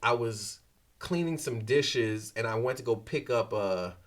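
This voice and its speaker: A man with a Haitian family background, chatting casually as a guest and telling stories with lively acted-out dialogue. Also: a little slow. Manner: animated storyteller, acts out exchanges with lively shifts in pitch. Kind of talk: casual chat.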